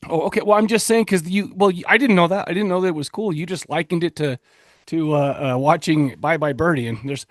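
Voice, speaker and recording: A man's voice: fairly high pitch, no echo, clean studio sound. Joking, rambling podcast host man. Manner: joking, rambling, fast restarts. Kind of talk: casual chat.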